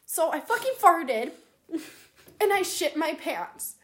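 In a very high-pitched voice and at a slow pace, a young woman shares an embarrassing story. It's casual and animated, full of swearing, with her own quotes acted out.

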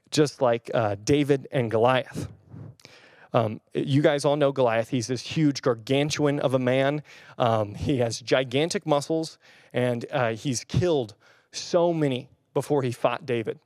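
A young male pastor preaching in a loose, conversational way, with lots of fillers and restarts. His voice sits at an ordinary middle pitch. It is recorded close and dry, with no room echo. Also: darkish tone. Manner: chatty, rambling with fillers and restarts. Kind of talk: casual sermon with personal story. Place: church or room filmed on camera.

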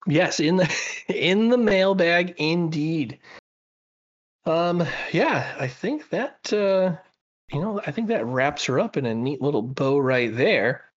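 A man's voice: fairly high pitch, slow pace, highs cut off. A man co-hosting a podcast, chatting casually and enthusiastically with lots of fillers and restarts. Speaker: podcast co-host.

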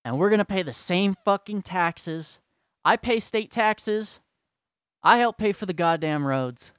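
Man, vlogger, sarcastic rant, heavy swearing, rambling, smooth clear voice, dry sound. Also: high-pitched, lively intonation, measured pace, dry recording. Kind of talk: profane rant to camera.

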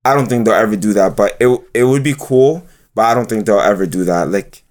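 A man's voice: fairly low pitch, a little fast, a little mellow. Laid-back young man, unimpressed. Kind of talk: casual chat.

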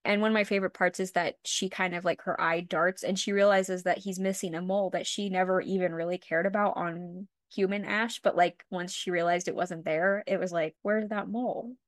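A woman's voice: medium pitch, dry recording, clean studio sound. A young woman co-hosting a podcast, retelling a story in casual chat, full of "like" fillers and the odd swear word. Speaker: podcast co-host.

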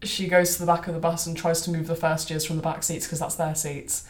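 A woman's voice: sits low, flat delivery, fairly quick. A woman co-hosting a podcast, enthusiastic and casually sweary, acting out bits of film scenes as she talks. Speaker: podcast co-host. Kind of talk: casual chat. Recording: echoey room.

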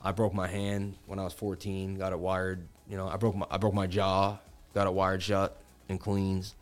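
A man's voice: deep voice, monotone, normal speed, faint music behind. A man in his thirties from the Boston area, hosting a casual crypto livestream and telling rambling stories full of "like" and "you know, man.". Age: 30s. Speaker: crypto stream host.

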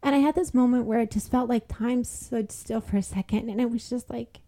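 A woman's voice: a little high, a little fast, warm tone. A young woman, a podcast guest, telling a heartfelt personal story in casual conversation, full of fillers and repeated words.

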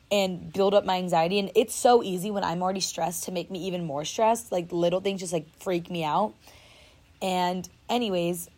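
Her voice is fairly low and a little mellow: a young adult woman, a storyteller vlogger, telling a travel story in chatty, dramatic fashion with many filler words. This casual storytime starts outside and then moves indoors.

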